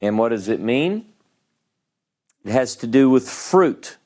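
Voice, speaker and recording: A man's voice: medium pitch, expressive, slow pace, dark tone. A man teaching a beginners' class, explaining patiently step by step at a board and checking in with his students. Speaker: Hebrew teacher. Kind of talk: classroom lesson.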